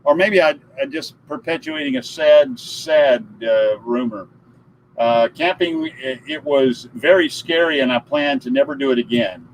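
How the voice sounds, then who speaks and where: A man's voice: mid-range voice, sing-song, measured pace, vocal fry, slight background noise, rough recording. A middle-aged man hosting a casual live stream, joking and telling stories. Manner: jokey, storytelling, laughs at his own puns.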